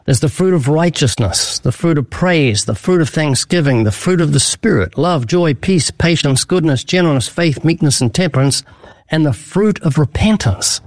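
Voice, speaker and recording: Urgent preaching man, higher voice. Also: lively intonation, normal speed, no echo. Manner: urgent storytelling with acted-out dialogue. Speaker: evangelist guest. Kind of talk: earnest preaching in an interview.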